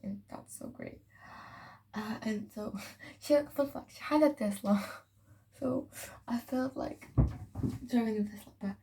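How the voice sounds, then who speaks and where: A woman's voice: a little high, vocal fry, mellow, rough recording. A teenage girl from France with a slight French accent, chatting casually and rambling while doing her night skincare, often slipping into a whisper. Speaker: vlogger. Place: home bathroom.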